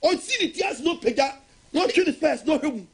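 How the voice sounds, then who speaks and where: Animated Ghanaian preacher man. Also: very high-pitched, a little fast, gravelly. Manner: animated, dramatic, laughing and shouting in bursts. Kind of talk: sermon in Twi with English phrases.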